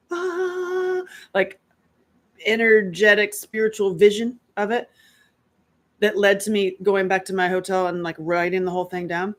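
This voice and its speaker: A middle-aged woman from North Carolina hosting a casual live-stream chat, candid and animated, laughing often and tossing in quick asides. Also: medium pitch. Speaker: host.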